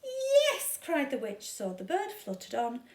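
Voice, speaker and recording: Woman reading a kids story, super expressive, slow, echoey room. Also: a little high, distant mic. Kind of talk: children's read-aloud storytime.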